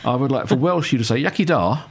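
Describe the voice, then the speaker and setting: A man's voice: medium pitch, quick pace, slight background noise. A middle-aged man hosting a radio chat show, who talks casually and playfully, likes fancy words and leads a light quiz game.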